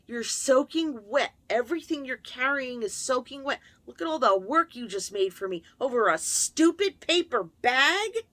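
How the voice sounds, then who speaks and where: Woman voicing her shrill scolding mother. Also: lively intonation, moderate pace, no echo. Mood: berating. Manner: sharp, berating, contemptuous. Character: harsh scolding mother, older woman, short-tempered.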